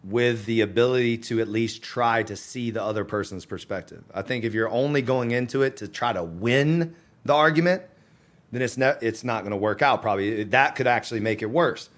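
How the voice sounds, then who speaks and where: Podcast guy in his 30s, casual and animated, does little voices when he quotes people. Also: medium pitch, a little fast. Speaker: podcast guest, fitness entrepreneur.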